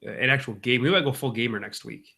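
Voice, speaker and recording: A man trades casual banter as a podcast co-host. His voice is bright and forceful at an ordinary pitch, and he keeps to short, dry quips. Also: fast talker, creaky, slightly rough. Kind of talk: casual chat.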